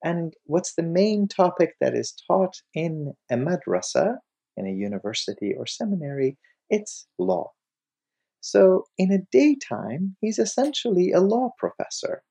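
A middle-aged man giving a slow, reflective teaching talk, telling stories and lifting his voice to act out quoted lines. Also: very animated, creaky, dark tone, husky. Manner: slow, storytelling, voices quotes with rising pitch. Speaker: host, scholar of Sufism.

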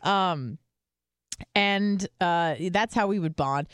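A woman's voice: lowish voice, slow pace, clear, resonant tone, no echo, studio quality. Chatty, swearing woman podcast host. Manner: chatty storytelling, swears freely. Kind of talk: casual chat.

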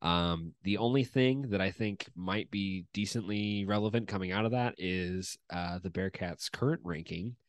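A man's voice: low voice, normal speed, hardly any pauses, no echo. A young man hosting a casual sports podcast, chatting with fillers in an upbeat way. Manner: upbeat, announcer-like welcome, relaxed chat with fillers. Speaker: podcast host.

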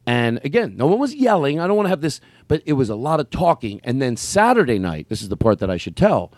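A man, a comedian and podcast host, telling a story in casual chat, animated, swearing and acting out his own lines. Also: medium pitch, quick pace, no room sound.

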